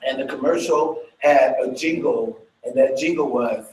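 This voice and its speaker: A man's voice: medium pitch, moderate pace, a little mellow. A male dance fitness instructor teaching a workshop, chatty, checking in with listeners and vocalizing beats and sounds with energy. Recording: echoey room.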